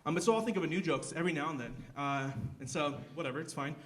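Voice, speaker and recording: Young male stand-up comic, slightly high voice, rambling self-deprecating delivery on a theater stage mic. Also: very fast, a bit bright. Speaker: stand-up comedian. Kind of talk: live stand-up set.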